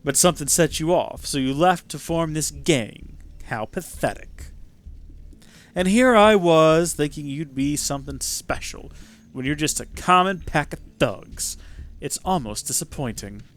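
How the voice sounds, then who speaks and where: A man's voice: animated, measured pace. Man doing a haughty hero of justice. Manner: lowered, haughty, formal. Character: smug young male hero of justice, haughty and formal.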